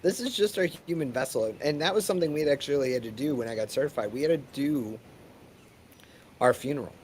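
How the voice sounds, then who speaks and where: A man's voice: medium pitch, quick pace, a little hiss or hum. A man hosting a casual chat, reflective and coaching in tone, often checking in with his listener. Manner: reflective, coaching, often asks "you know what I mean". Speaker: host.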